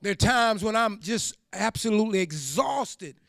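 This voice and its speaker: A pastor preaching a sermon, repeating phrases for emphasis and building up to shouts. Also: male voice, high voice, animated, normal speed, vocal fry, no echo, clean studio sound.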